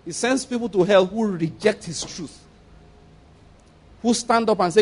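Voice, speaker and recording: Casting: male pastor, high voice, emphatic and repetitive sermon delivery. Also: measured pace, darkish tone, breathy edge. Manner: emphatic, repetitive, rhetorical questions.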